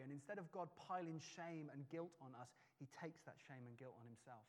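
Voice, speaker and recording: A man preaching a sermon, telling a personal story with animated restarts and acted-out lines. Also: fairly high pitch, fairly quick, hardly any pauses. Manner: animated storytelling, acts out calling and scolding, stammering restarts. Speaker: pastor. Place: church hall. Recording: long hall reverb.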